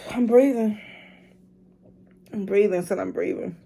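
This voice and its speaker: With a mid-range, mellow, husky voice marked by vocal fry, a woman talks a little slowly. She's a mother at home doing a drinking challenge on her vlog, chatting casually to viewers and letting out strained groans.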